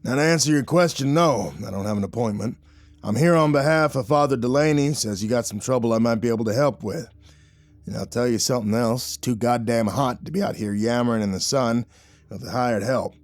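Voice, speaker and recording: Male narrator reading a testy gunslinger; drawling growl, medium pitch, dry. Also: fairly quick, no room sound, close to an everyday voice. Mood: irritated. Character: gruff drifter gunslinger man, short-tempered.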